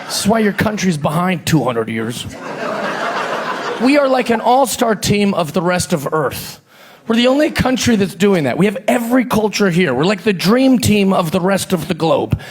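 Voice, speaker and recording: High animated man telling crude stories. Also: normal speed. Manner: animated, profane, acts out people in his stories. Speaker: comedian guest. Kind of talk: stand-up style storytelling.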